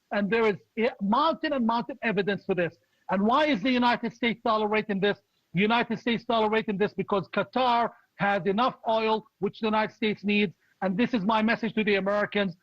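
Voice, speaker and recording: A man with a strikingly high voice delivers forceful, indignant political commentary and hammers the same points again and again. The sound is dry and muffled, like a dull remote feed. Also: no room sound. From Palestinian, raised in Jordan. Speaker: political opposition leader.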